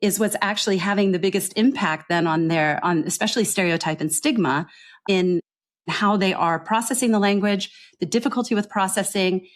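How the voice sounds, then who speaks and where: A woman giving a podcast interview as a pronunciation coach, explaining her work earnestly and often checking in with a quick "right?". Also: medium pitch.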